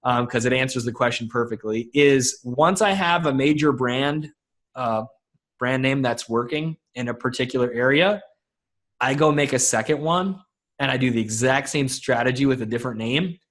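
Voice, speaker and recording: A man talking casually as a webinar guest, fast and informal, with lots of restarts and fillers. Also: mid-range voice, a bit bright.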